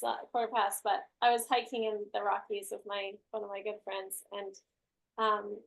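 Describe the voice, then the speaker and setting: A woman from Utah hosts a group coaching class over a video call, her medium-pitched voice marked by vocal fry. She chats casually and tells a story, laughing a lot.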